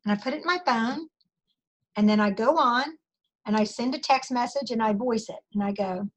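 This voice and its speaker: A woman's voice: on the high side, animated, moderate pace, pauses often, fairly bright tone. A middle-aged woman training her sales team over a video call, chatty and emphatic as she acts out conversations with customers.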